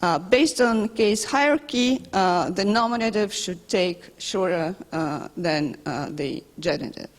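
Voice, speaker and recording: A woman's voice: on the low side, a little slow, few pauses. A woman researcher giving an academic conference talk, hesitant and full of filler sounds and restarts. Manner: self-deprecating asides. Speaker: linguistics researcher presenting a study. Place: lecture hall. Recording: long hall reverb.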